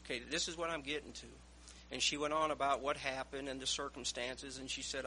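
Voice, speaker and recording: A man's voice: medium pitch, fairly even intonation, a little fast, pushed and bright, a little hiss or hum, rough recording. A man preaching a sermon, telling stories and reading scripture aloud with rising emphasis. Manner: storytelling, raises voice reading scripture.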